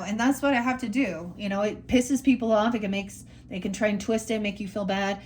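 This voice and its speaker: A middle-aged woman talks through a tarot reading in a loose, rambling monologue, blunt and openly frustrated, swearing as she goes. Her voice sits at an ordinary middle pitch. A faint hiss runs under the recording. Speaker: tarot reader.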